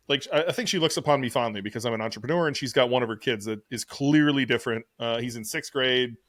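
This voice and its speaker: A middle-aged man co-hosts a casual podcast chat, racing through rambling, profane anecdotes. His voice is mid-pitched and recorded dry and close, with no room sound. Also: fairly bright tone, no room sound. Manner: fast, rambling, profane storytelling. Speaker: podcast co-host.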